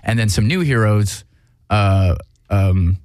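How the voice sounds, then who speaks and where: A man's voice: lowish voice, slow pace, darkish tone, smooth, no echo, studio quality. A man hosting a casual chat, rambling through a movie plot with profanity, fillers and restarts.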